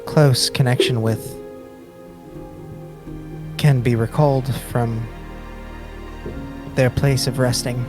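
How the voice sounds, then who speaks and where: A man's voice: mid-range voice, steady tone, music in the background, close to an everyday voice. A man voicing a formal, courteous elf. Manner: formal, measured speech.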